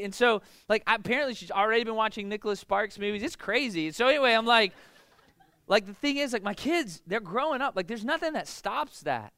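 A man's voice: sits high, animated, a little fast, sharp tone, dry recording. Chatty pastor man preaching casually. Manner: conversational, lots of "like" and "right?", rhetorical questions. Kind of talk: casual sermon.

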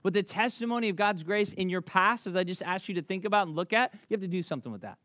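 A man's voice: high voice, no room sound, clean studio sound. A man in his thirties from Memphis with a thick Southern accent, preaching a conversational, story-filled sermon. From Memphis, Tennessee. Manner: conversational, animated storytelling with quick restarts. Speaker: pastor.

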